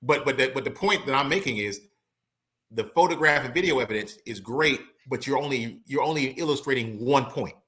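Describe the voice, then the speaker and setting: A man in a relaxed legal chat, bright and ringing in tone. He breaks down a case with slang and dramatized quotes from the courtroom, mid-range in pitch. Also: brisk. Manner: animated, acts out courtroom quotes, slangy asides. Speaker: criminal and appellate attorney, guest. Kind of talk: casual legal analysis chat.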